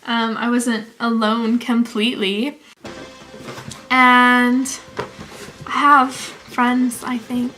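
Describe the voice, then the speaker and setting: A teenage girl from the United States talks casually to the camera in a vlog, breaking into giggles and correcting herself as she goes. Her voice sits high and sounds bright and clear. Soft music plays faintly behind her. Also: flat delivery, drawn-out words, pauses often, rough recording. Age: teens. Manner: chatty and giggly, with frequent laughs and self-corrections. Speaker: exchange student vlogger.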